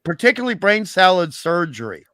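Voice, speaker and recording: Brief: male guest, wry and opinionated, a touch high, dry close sound. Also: sing-song, a little fast, pushed and bright, dry recording. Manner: opinionated, wry, many restarts. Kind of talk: casual podcast chat.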